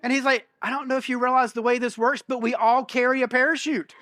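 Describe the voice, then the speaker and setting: A man's voice: very high-pitched, flat delivery, fast talker, a bit bright, dry recording, clean studio sound. A middle-aged male pastor telling a funny personal story in a sermon, acting out his own panicked thoughts. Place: church auditorium.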